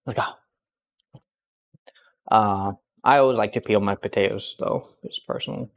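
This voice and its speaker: A man's voice: on the low side, fairly even intonation, a little slow, lo-fi sound. A man hosting a casual cooking live stream from his home kitchen, rambling as he peels and chats with viewers. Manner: rambling, chatty, talks to chat and a cat.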